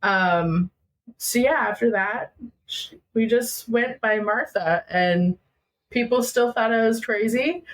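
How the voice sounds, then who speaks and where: A woman's voice: a little high, slow pace, rough recording. A young woman from Minnesota telling a personal story as a podcast guest, acting out what family members said. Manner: animated, acting out family dialogue.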